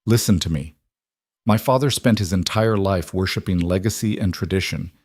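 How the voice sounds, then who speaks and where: A man voicing a brooding young duke who speaks quietly and earnestly, in an audiobook romance. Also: low-pitched, normal speed, breathy edge, dry recording, studio quality.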